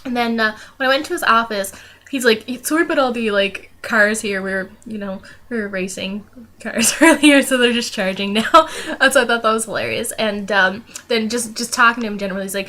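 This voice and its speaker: A woman's voice: mid-range voice, fast talker, sharp tone. A young woman vlogging casually, telling a rambling story full of fillers and restarts. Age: young adult.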